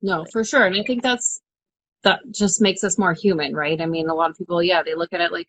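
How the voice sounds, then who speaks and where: A young woman, a monster truck driver, chatting as a guest on a video call, animated and laughing as she acts out her own inner voice. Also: fairly low pitch, fairly quick, no room sound, poor audio. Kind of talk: casual interview chat.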